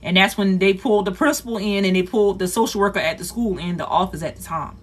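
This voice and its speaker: A woman on a phone livestream, telling a painful personal story in a rapid, repetitive, earnest way. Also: mid-range voice. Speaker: livestream host.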